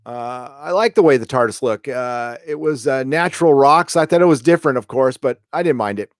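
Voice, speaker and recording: A man's voice: medium pitch, brisk, no echo, studio quality. Blunt, swearing middle-aged male host. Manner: rambling, blunt, swears freely. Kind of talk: casual live-show chat.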